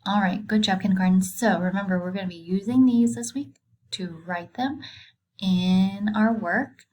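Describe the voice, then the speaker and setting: Kindergarten teacher, female, husky-breathy tone, gently quizzes and praises young kids through a sight-word lesson. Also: medium pitch, normal speed, poor audio. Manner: patient, encouraging, asks simple questions and praises. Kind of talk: recorded reading lesson for young children.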